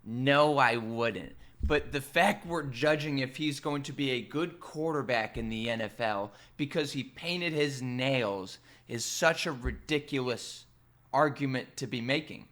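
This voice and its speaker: Bright-voiced man ranting about football. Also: mid-range voice. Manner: animated, emphatic, quick asides. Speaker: sports radio producer and vlogger. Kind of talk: casual opinion rant to camera.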